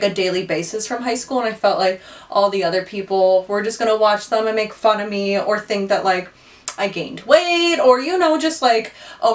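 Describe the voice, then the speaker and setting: A woman's voice: medium pitch, far from the mic. A woman in her twenties, a beauty vlogger chatting candidly while doing her makeup, full of "like" fillers and hard on herself. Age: 20s. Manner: chatty, lots of "like" fillers, candid and self-critical.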